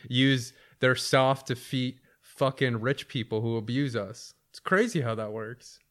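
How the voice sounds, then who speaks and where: A man's voice: mid-range voice, a little slow, fairly bright tone. A man in his thirties in casual podcast chat, blunt and profane.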